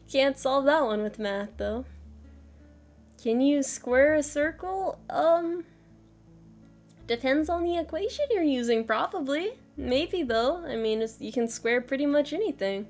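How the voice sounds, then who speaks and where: Playful high-voiced woman teaching math. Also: animated, unhurried, a little mellow, faint music behind. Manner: playful, self-mocking, laughs often, swears casually. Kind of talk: casual joking lesson stream.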